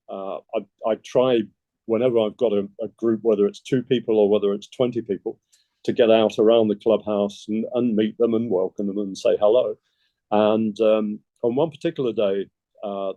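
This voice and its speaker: A man's voice: on the low side, fairly even intonation, normal speed, warm tone, no room sound, muffled recording. A man, a golf club secretary, chatting in an interview and telling easygoing anecdotes. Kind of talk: casual interview storytelling.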